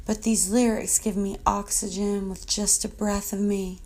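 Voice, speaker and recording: A woman reciting a spoken-word poem with a slow, flat, despairing delivery. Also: medium pitch, rough recording.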